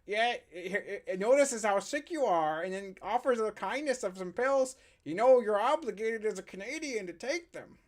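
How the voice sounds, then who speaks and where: A man's voice: sits high, expressive, moderate pace, hardly any pauses, pitched above the performer's own voice. A man putting on a voice as a friendly, overly polite male Canadian stranger who kindly offers pills.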